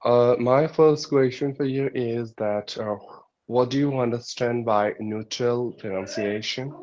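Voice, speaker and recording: A man's voice: medium pitch, a little slow, darkish tone, dull audio. A man whose English mixes Indian, American and British accents, asking a trainer questions politely and hesitantly, with frequent "uh" fillers. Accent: mixed Indian, American and British English. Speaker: learner. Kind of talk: online coaching session.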